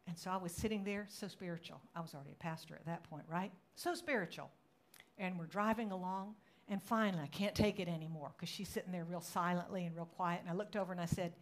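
Woman pastor, sermon, dramatic acted quotes, chatty storytelling. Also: quick pace. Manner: dramatic, acts out quotes with rising pitch and volume; conversational storytelling with fillers.

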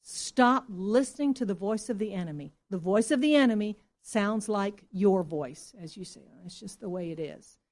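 A woman pastor preaching a sermon to her church, impassioned and then soft and earnest. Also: medium pitch, lively intonation, moderate pace, hardly any pauses.

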